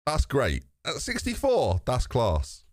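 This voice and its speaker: Male streamer, mid-pitched, very expressive, casual and sweary, dry close sound. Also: takes it slowly, no echo. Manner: animated, talks to chat, swears casually. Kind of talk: live gameplay commentary.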